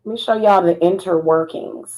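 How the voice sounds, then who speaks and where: Sassy woman vlogger chatting to the camera, animated and loud about it, laughs a lot. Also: fairly low pitch, normal speed, rough recording. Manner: animated, laughing, singing snatches of a chorus; sassy, defiant. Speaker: spiritual vlogger. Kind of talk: casual livestream chat.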